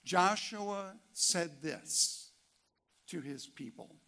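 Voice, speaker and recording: Male pastor for a sermon: unhurried, emphatic delivery, gravelly tone. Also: high-pitched, expressive, sharp tone. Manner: rhetorical questions, slow emphatic delivery; reads scripture quotes aloud. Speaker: preacher.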